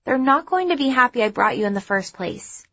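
A woman's voice: on the high side, lively intonation, brisk, fairly bright tone, lo-fi sound, voice pushed up. A woman voicing an exasperated, bossy young woman. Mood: impatient.

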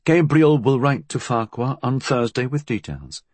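A man voicing a calm male gang leader who speaks in a measured, commanding way. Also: mid-range voice, no room sound, voice pushed up, lightly acted.

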